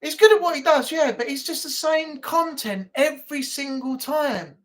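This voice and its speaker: Woman rambling on her live chat stream, kinda high voice, lots of ums. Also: moderate pace. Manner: rambling, chatty, many ums.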